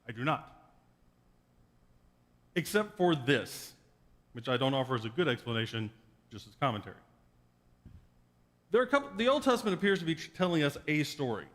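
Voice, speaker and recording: A male pastor delivers a sermon in a wry, joking storytelling style, his fairly bright voice pitched a little high for a man. Every phrase trails off into the long reverb of the church sanctuary.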